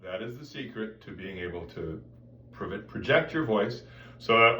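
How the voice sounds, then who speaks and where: Male voice teacher, bright and ringing, a bit off-mic with faint music behind. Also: fairly low pitch, normal speed, roomy sound, distant mic, muffled recording. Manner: animated, coaching, talks straight to the viewer. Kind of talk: vocal technique lesson with demonstrations.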